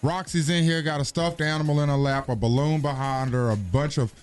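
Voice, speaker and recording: A man's voice: a little high, steady tone, fairly quick, darkish tone, clean tone, soft background music. A man hosting a morning radio show, calling the time and teasing his co-hosts in a studio. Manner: time calls and playful teasing. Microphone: studio microphone.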